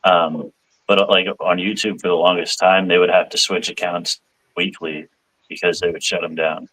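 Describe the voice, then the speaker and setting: A man's voice: sits low, level tone, moderate pace, fairly bright tone, dry recording, low-quality recording. A man, co-hosting a podcast in rambling casual chat. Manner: rambling, laughs often. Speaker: podcast co-host.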